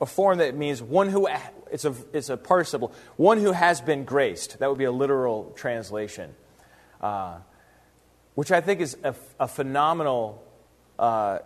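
A man teaching a Bible passage verse by verse in a casual, conversational way, lively, with rhetorical questions and little acted-out asides. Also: mid-range voice.

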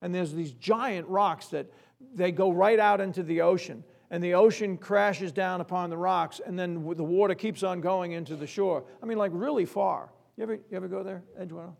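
Gravelly high-voiced man preaching. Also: darkish tone. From Long Island, New York. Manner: slow, emphatic reading of scripture, reflective and personal. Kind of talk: sermon.

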